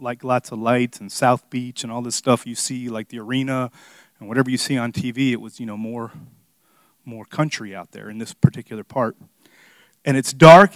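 A man's voice: medium pitch, no echo. A young man preaching a sermon in a casual, earnest storytelling way, full of fillers. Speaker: pastor teaching a Bible study.

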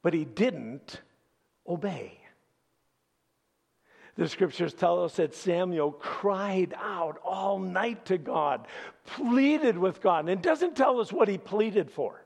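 A male pastor preaching in an animated storytelling style. His delivery is slow and full of pauses. His voice is gravelly and husky, and it rises and falls widely in pitch. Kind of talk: sermon.

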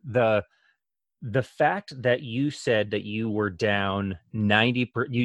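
A man hosting a podcast interview, asking questions in a conversational, halting way. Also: lowish voice, no echo, clean studio sound. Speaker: podcast host.

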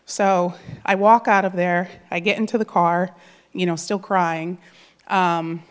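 A woman's voice: on the low side, little pitch movement, slow, clear, resonant tone. A woman in her thirties giving an emotional, earnest personal testimony at church, speaking from the heart with many fillers. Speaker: church member sharing a testimony.

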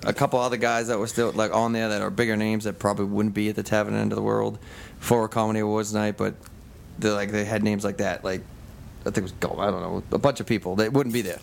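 A man's voice: on the low side, little pitch movement, quick pace, vocal fry, a little hiss or hum. A man hosting a comedy radio talk show, talking loosely with restarts and jokey asides. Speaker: radio host. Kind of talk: casual comedy chat.

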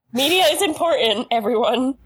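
Woman podcast cohost, kinda husky and on the higher side, chatty and jokey. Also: lively intonation, normal speed. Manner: chatty and playful with personal asides. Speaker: podcast co-host. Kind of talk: casual chat.

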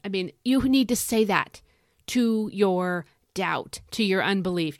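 A woman's voice: mid-range voice, expressive, unhurried, no echo, studio quality. A woman hosting a devotional podcast, talking in an earnest, encouraging, conversational way. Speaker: podcast host.

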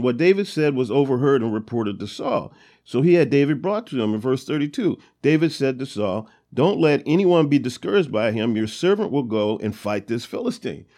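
A Bible study host speaks in a darkish-toned voice that sits on the high side. Reading verses aloud, he retells them in a relaxed, conversational way marked by frequent fillers.

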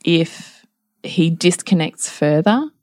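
A woman's voice: lowish voice, lively intonation, takes it slowly, a little mellow, dry recording, studio quality. A middle-aged woman co-hosting a parenting podcast in casual chat, laughing often as she tells family stories. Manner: laughs often while telling anecdotes.

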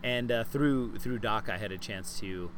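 A man hosting a podcast in casual chat, telling animated, self-deprecating stories. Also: on the low side, a little slow, background noise. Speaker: podcast host.

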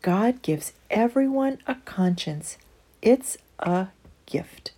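A woman voicing a kind, patient mother in a storybook reading, gently explaining. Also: mid-range voice, animated, slow pace, husky, pitched above the performer's own voice. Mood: gentle.

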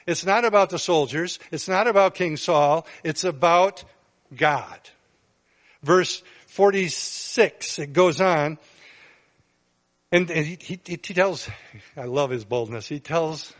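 A man preaching a sermon as pastor, earnest, with bursts of emphasis. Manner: earnest, rises in pitch and volume for emphasis.

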